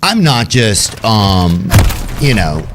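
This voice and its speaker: Man, young adult, southern us accent, halting, deadpan, noisy recording. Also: on the low side. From Louisiana, USA. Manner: halting, deadpan, many fillers. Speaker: guest. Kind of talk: casual chat.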